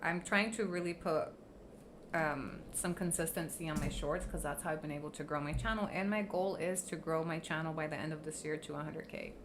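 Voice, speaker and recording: A woman's voice: low voice, a little fast, noisy background. A woman livestreaming in casual chat, blunt and profane, teasing and laughing often, slipping into Spanish phrases.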